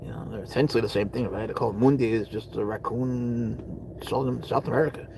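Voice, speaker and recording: Sitting in a parked car, a man hosts a casual livestream, rambling through answers to viewers' comments and trailing off into mutters. His medium-pitched voice is steady, fairly quick, and a little mellow, and the poor audio carries a little hiss or hum.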